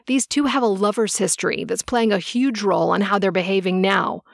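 A grumbling, impatient vampire man, as a woman narrator voices him. Gravelly and dry up close. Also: mid-range voice, a little fast, dry recording, lightly acted. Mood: gruff. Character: gruff, impatient male vampire.

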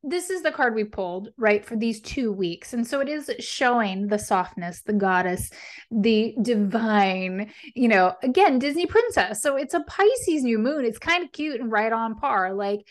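A woman hosting a tarot reading, speaking in an animated, encouraging way and often checking in with her listeners. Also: on the high side, a little slow. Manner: animated, encouraging, checks in with frequent "right?" and "okay?"; speaks affirmations with conviction. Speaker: tarot reader and podcast host. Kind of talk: casual spiritual guidance talk.

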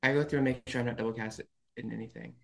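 A man's voice: medium pitch, steady tone, fast, creaky. Matter-of-fact man ballet dancer. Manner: matter-of-fact, explains scheduling details. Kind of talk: casual conversation.

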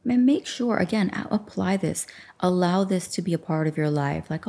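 A woman's voice: fairly low pitch, animated, moderate pace, mellow. A woman hosting a self-help podcast, talking casually into a studio microphone, chatty and affirming, guiding listeners through journaling. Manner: chatty, affirming, acts out her own thoughts. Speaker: podcast host and life coach. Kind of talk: casual guided journaling talk.

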